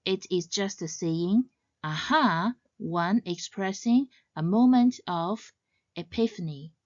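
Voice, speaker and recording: A woman giving a scripted educational narration as a language teacher, in a measured, clearly explaining way. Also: mid-range voice, a little mellow, no echo, lo-fi sound.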